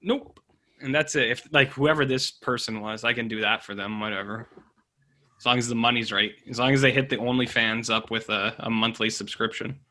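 A man's voice: mid-range voice, brisk, pushed and bright. An Australian man co-hosting a movie podcast, joking crudely in casual chat. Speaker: podcast co-host.

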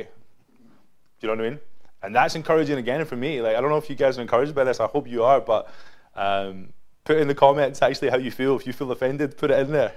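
A man's voice: medium pitch, steady tone, quick pace, darkish tone. A man with a Scottish accent preaching a casual, conversational sermon, often checking in with "right?" and "yeah?". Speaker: pastor. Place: church building.

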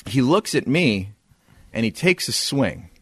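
A man's voice: mid-range voice, measured pace, breathy edge, no echo. A man co-hosts a podcast and tells a story in loose, casual chat. He swears freely and acts out the lines of the people in it, and his voice rises and falls a lot. The recording is dry and close. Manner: animated, profane, acts out quoted lines. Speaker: podcast co-host.

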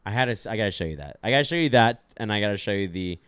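Male podcast host, lowish voice, rambling and jokey, heavy on fillers. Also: expressive, racing, fairly bright tone, slight background noise. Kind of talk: casual podcast chat.

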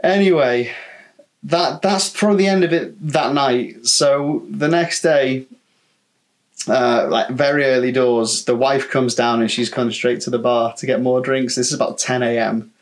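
A podcast co-host with a mid-range voice and a slightly slow delivery tells a casual anecdote from his holiday rep days. He's chatty, swears freely, and acts out the quotes.

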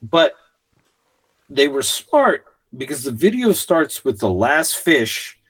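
A man in casual podcast chat, talking animatedly and swearing often, acting out quotes with sudden shouts. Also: fairly high pitch, very animated, takes it slowly, husky.

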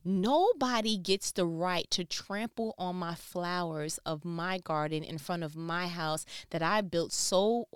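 Smooth, expressive woman telling a story. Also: fairly low pitch, measured pace, few pauses, dry recording, clean studio sound. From New York. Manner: emphatic and expressive, acts out voices, laughs between lines. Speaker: storyteller recounting a work conflict. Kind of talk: casual storytime monologue.

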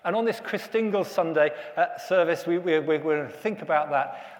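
Chatty male pastor quizzing children; high voice, reverberant church. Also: normal speed. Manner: chatty, asks children questions, many restarts. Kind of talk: family service talk.

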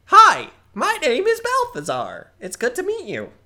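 Balthazar, a squeaky young goblin sorcerer. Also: male voice, wildly swooping pitch, unhurried, sharp tone, heavily acted. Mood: eager. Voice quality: very high, squeaky. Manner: rambling, bubbly.

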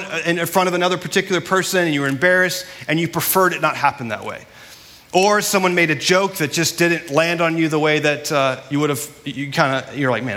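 A man's voice: sits high, sharp tone. A man preaching a sermon in a church sanctuary, earnest and conversational, with a long hall reverb. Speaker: pastor.

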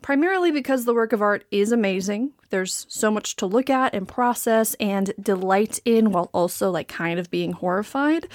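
A woman's voice: medium pitch, no room sound, studio quality. A woman hosting a podcast about art, talking in a playful, self-mocking, chatty way. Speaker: podcast host. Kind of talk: casual chat.

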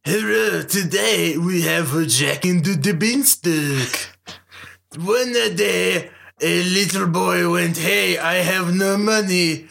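A man voicing a grumpy grown-up storyteller with a put-on Japanese accent, telling a tale in halting bursts full of fillers. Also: high voice, creaky, a bit bright, heavily acted. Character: grumpy adult male storyteller.

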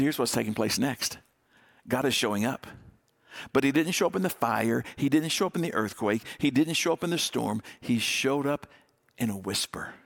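A man preaching a sermon, dropping to a hush on key words with dramatic pauses. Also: mid-range voice, creaky. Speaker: pastor.

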